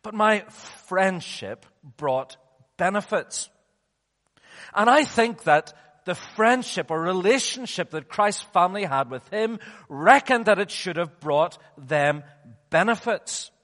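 Casting: male preacher, higher voice, very animated, long hall echo. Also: slow pace. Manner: animated, dramatic, swings from loud to hushed. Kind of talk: sermon.

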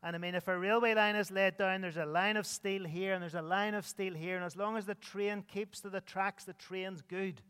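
A man's voice: high-pitched, fairly even intonation, normal speed, few pauses, fairly bright tone, clean tone, in a large hall. A man preaching an earnest sermon as pastor, his voice rising and dropping with emphasis. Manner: earnest preaching with sweeping rises and drops.

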